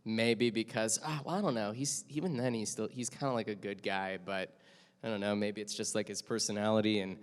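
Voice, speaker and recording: A man's voice: lowish voice, fairly even intonation, a little fast, smooth. A man and voice actor chatting casually on a panel, easygoing and rambling. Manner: easygoing and rambling, many fillers and restarts. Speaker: anime voice actor on a convention panel. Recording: convention hall reverb.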